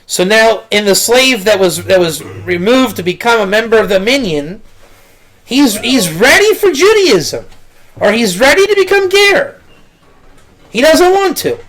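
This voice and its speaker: A man with a notably high voice gives a loose, rambling teaching talk as a rabbi. He stumbles and repeats words, sprinkling Hebrew and Yiddish terms through his explanations. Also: very animated, a little slow, a bit bright. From Israel.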